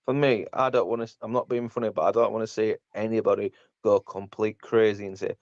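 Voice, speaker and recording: A man's voice: on the low side, steady tone, brisk, few pauses, a little mellow, no room sound, muffled recording. A man hosting a casual football podcast, blunt and mocking as he rants. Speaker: podcast host.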